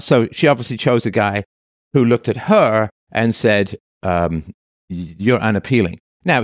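A man's voice: fairly low pitch, dry recording, clean studio sound. A man delivering a monologue of commentary in a sarcastic manner, now and then mocking the voices of the people he quotes.

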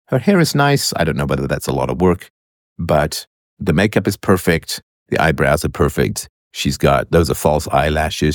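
A man's voice: extremely low pitch, dry recording, clean studio sound. A man casually commenting on online videos, musing aloud with frequent fillers.

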